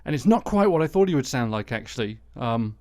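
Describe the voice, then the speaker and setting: A man's voice: medium pitch, sing-song, brisk, a little mellow, no room sound. A man hosting a satirical news podcast, commenting with sarcastic, dry asides. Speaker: podcast host.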